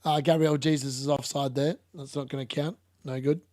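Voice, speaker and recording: Young man, live football reaction, casual banter, higher voice, dry close sound. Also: flat delivery, moderate pace, a little mellow, dry recording. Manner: casual, chatty, laughs often, uses "mate". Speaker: football watchalong streamer. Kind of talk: live match reaction and chat reading.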